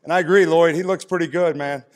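A man's voice: fairly high pitch, steady tone, quick pace. Earnest man speaking in a reverberant hall. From East Tennessee, US. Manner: earnest, heartfelt storytelling. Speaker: honoree giving an acceptance speech. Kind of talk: speech to an audience.

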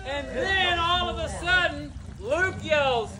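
Guy with a really high voice telling a bible story slow, getting the kids to act it out, noisy crowd all around. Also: pushed and bright. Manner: directs listeners to repeat and act out lines. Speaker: youth club speaker. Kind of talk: animated Bible storytelling with audience acting parts. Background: crowd of teenagers echoing and laughing.

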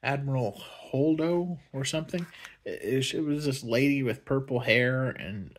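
A man's voice: mid-range voice, a little slow. A man rambling sarcastically through a casual movie review vlog. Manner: sarcastic, rambling, laughs often. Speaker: vlogger reviewing a film.

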